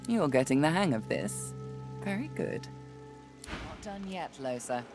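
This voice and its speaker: A woman's voice: sits low, lively intonation, takes it slowly. An actress playing a stern sorceress who speaks in urgent, clipped commands, with game music behind her. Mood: coaxing. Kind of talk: video game voice acting.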